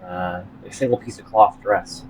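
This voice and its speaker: A man narrating as game master of a tabletop game, halting with many fillers and restarts. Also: low voice, fairly even intonation, a little hiss or hum, low-quality recording.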